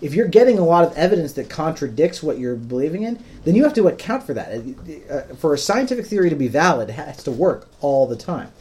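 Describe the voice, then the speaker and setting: A man's voice: fairly high pitch, very animated, quick pace, few pauses, mellow. A man hosting a podcast, patiently explaining things in plain words with frequent ums. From United States. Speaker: podcast host. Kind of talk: casual explanatory podcast talk.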